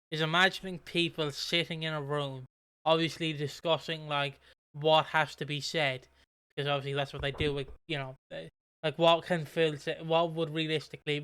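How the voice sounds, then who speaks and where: A man's voice: a little high, sharp tone, smooth. A man hosting a podcast, rambling through a casual, sweary recap of a soap opera. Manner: rambling, swears casually, loses his train of thought. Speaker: podcast host.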